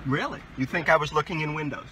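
A filmmaker talking casually and arguing sarcastically with officers. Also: male voice, on the high side, quick pace, bright, forceful tone, slight background noise, rough recording. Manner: sarcastic, argumentative. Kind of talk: casual talk to camera.

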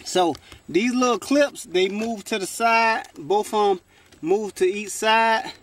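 A chatty man, pitched high for a man, walks viewers through a repair from inside a parked car, exclaiming as he goes. His camera sits close while he works, with a faint hiss behind him. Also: slow pace, fairly bright tone. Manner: chatty, exclaims often, talks straight to viewers. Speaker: vlogger. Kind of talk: casual how-to car repair vlog.

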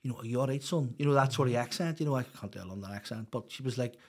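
A middle-aged man talks through his past in a raw, confessional way. He stumbles, restarts and leans on fillers as the words come out. His pitch sits in an ordinary middle range. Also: rapid-fire. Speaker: podcast guest. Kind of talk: candid personal storytelling.

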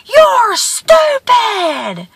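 Woman playing a young boy, stranded, shrill, frantic, yelling, high-pitched. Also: huge pitch swings, extremely slow, dry recording, recorded from a distance, exaggerated voice. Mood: panicked yelling.

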